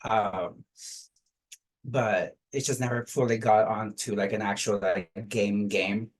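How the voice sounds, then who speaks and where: Halting man talking through his game. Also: on the low side, steady tone, low-quality recording. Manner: halting, searching for words. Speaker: game finalist. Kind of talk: casual online call.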